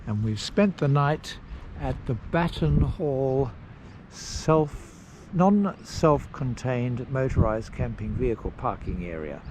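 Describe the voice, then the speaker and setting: A man narrating a casual travel vlog outdoors at a campsite, unhurried and rambling with pauses and fillers. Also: medium pitch, animated, noisy background. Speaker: travel vlogger.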